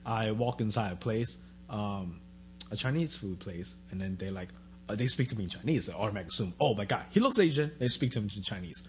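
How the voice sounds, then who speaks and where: Animated man telling a story. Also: fairly low pitch, fast talker, a little hiss or hum. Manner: animated, acts out quoted exchanges. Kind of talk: casual chat, storytelling.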